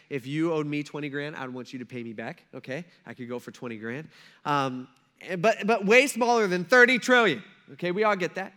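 A man preaching a sermon in a conversational way, asking rhetorical questions, acting out quotes, and swinging between loud stresses and hushed lines. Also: fairly high pitch. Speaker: pastor.

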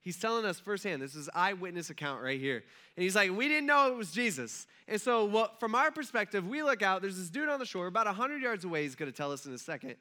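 Male pastor, casual storytelling sermon to a congregation, slightly high, bright and forceful tone. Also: quick pace. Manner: casual, animated storytelling with acted-out asides.

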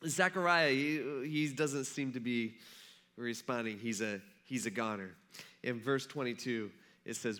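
A man's voice: medium pitch, unhurried, sharp tone. A pastor preaching a sermon that retells a story in a casual, chatty way and speaks straight to his congregation.

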